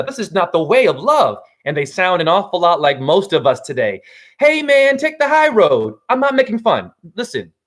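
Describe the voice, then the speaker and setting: A man in his forties giving a livestream monologue to his chat, swinging from low preaching to high shouts and swearing freely. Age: 40s. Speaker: spiritual teacher.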